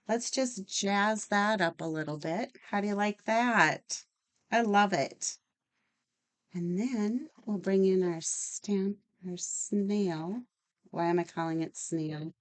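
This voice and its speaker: A woman hosting a casual card-making tutorial, chatty and enthusiastic as she works. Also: mid-range voice. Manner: chatty, enthusiastic, talks while working. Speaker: craft channel host.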